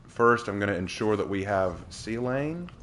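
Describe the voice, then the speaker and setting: A man's voice: on the low side, lively intonation, normal speed, noisy background. Chatty man streaming a game. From Southern United States. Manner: chatty, answers viewer chat, frequent restarts and repeats. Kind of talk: casual live-stream chat while gaming.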